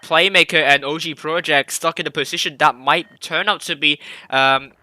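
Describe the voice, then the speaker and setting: A man's voice: on the high side, fairly even intonation, moderate pace, pushed and bright, no echo. A man casting a competitive online tank game live, talking through the play with rambling restarts and self-corrections. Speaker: esports caster.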